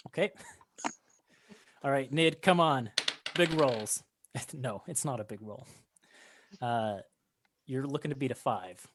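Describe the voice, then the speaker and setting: A woman's voice: extremely low pitch, slow pace, pauses often. A woman narrating as game master in a chatty, giggly way, with many fillers.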